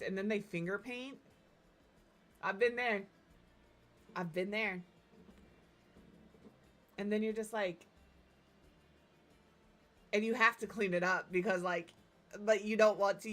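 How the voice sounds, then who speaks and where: A woman streaming as she builds in a game, talking in a relaxed, chatty way and giggling through her stories. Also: mid-range voice, moderate pace, long pauses. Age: adult parent. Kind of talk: casual chat while building in a game.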